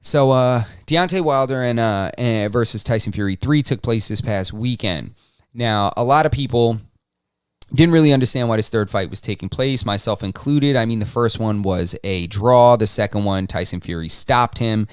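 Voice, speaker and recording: A man's voice: mid-range voice, normal speed, clear, resonant tone, dry recording, clean studio sound. A man co-hosting a podcast, chatting casually and rambling, with frequent restarts and casual swearing. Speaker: podcast co-host. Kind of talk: casual chat.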